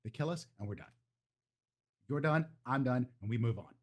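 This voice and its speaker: A man voicing a tiny, furious young woman vampire singer who rants and swears in shrill, high outbursts. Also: expressive, normal speed, close to an everyday voice.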